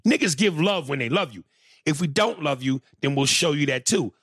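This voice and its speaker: A male stand-up comedian telling a story in a casual, profane, animated way, with many restarts. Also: on the high side, moderate pace, breathy edge, no room sound, clean studio sound.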